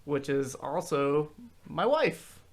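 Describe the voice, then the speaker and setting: A man's voice: on the high side, big pitch swings, slow. Laid-back male podcast host. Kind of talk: casual podcast chat. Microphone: shared microphone.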